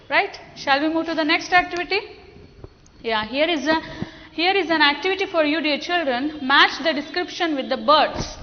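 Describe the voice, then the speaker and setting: A woman teacher with an Indian English accent, slowly explaining a lesson to children and coaxing the class with questions. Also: sits high, slight background noise. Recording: dull lo-fi sound with long echo.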